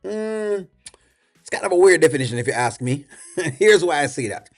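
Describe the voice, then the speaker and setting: A man with a Jamaican accent talks through a reaction video, opinionated and loose, with plenty of "you know" and "um". His voice sits a little higher than most men's. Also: lively intonation, quick pace. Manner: rambling, opinionated, many fillers. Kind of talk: casual commentary.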